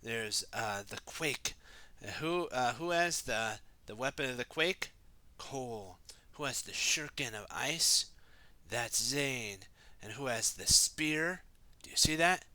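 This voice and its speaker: A man's voice: medium pitch, slow, dry recording. A man reading a children's storybook aloud, chatting casually and asking the listener questions. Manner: shouts the heroes' lines in a raised, excited voice. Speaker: storybook reader. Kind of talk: casual read-aloud for kids.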